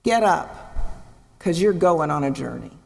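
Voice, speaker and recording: A woman preaching a sermon in a church, expressive, acting out voices and asking her listeners questions. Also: low voice, a little slow, vocal fry. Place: church sanctuary. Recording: long reverb in a large hall.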